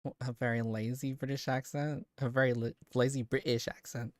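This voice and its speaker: A woman's voice: very deep voice, fairly even intonation, brisk, a little mellow, no echo, clean studio sound. A woman streamer chatting casually and rambling with giggles while playing a game.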